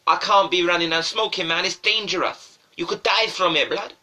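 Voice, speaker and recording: A man doing a loud, cocky schoolboy. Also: high-pitched, normal speed. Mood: scoffing. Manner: loud, slangy, dismissive. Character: cocky teenage schoolboy smoker.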